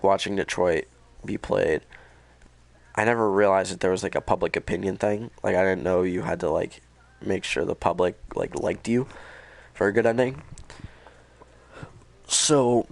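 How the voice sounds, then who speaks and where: A young man casually recapping a video game, energetic and rambling, with lots of swearing. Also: deep voice, gravelly. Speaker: gaming video host.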